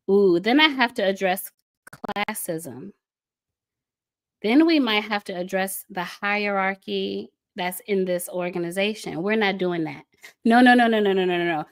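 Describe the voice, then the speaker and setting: A woman talks with lively emphasis, repeating a point several times to drive it home. She explains things step by step with a diagram. Her tone stays casual, and now and then she slips into mocking voices. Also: medium pitch. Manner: emphatic, breaks into laughs, repeats phrases for stress; casual, mock voices when quoting. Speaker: speaker on a panel about a church group. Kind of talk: animated talk explaining with a diagram.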